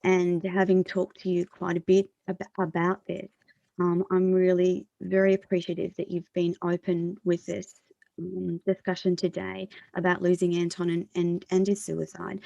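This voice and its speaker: A woman hosting an interview show, speaking in an earnest, encouraging, measured way. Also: lowish voice, monotone, creaky, dark tone, dry recording. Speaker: host. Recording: dull, dry lo-fi sound.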